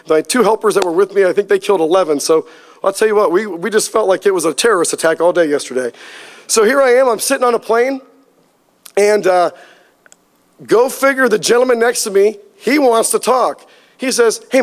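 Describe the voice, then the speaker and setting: A man preaching a sermon, telling a lively personal story and acting out the dialogue. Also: high-pitched, brisk. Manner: storytelling, animated, acts out quoted dialogue. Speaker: pastor.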